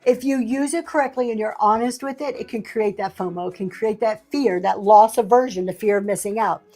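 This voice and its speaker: A woman's voice: mid-range voice, a little fast, dark tone, faint music behind. A middle-aged woman hosting a livestream sale, chatting casually with a sassy, laughing manner. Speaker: livestream seller host. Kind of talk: casual chat.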